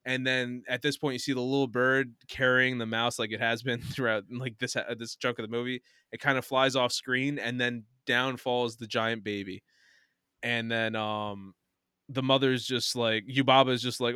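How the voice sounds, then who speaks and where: A man casually retelling an animated film to friends, acting out the characters' lines with laughs and fillers. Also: mid-range voice, normal speed, clean tone, no echo, studio quality. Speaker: podcast host retelling a film. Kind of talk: casual chat.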